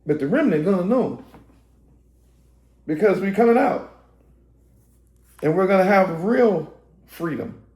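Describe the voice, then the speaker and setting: A man preaching a sermon to online viewers, his voice going hoarse, building to emphatic, shouted preaching. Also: high-pitched, lively intonation, unhurried, pauses often, echoey room. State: voice getting hoarse.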